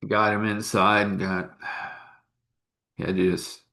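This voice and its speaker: A man telling a personal story out loud in a halting, rambling way, with fillers and restarts. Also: on the low side, flat delivery. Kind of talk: casual spoken storytelling.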